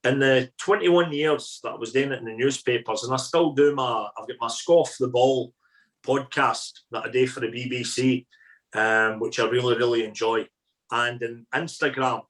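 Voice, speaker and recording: A middle-aged Scottish man, a podcast guest telling colloquial, lively stories as a food critic. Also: medium pitch, low-quality recording. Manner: colloquial, animated raconteur. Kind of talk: anecdotal storytelling.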